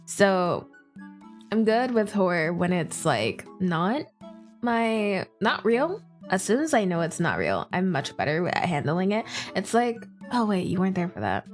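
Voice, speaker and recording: A young woman streaming and chatting casually, swearing freely and laughing often, deliberately pushing her recovering voice lower. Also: big pitch swings, soft background music. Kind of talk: casual chat.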